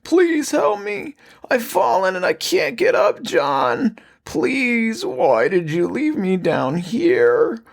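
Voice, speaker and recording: Raspy, wailing monster mimicking an old father. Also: huge pitch swings, slow pace, full character voice. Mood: pleading. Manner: high, wailing and pleading.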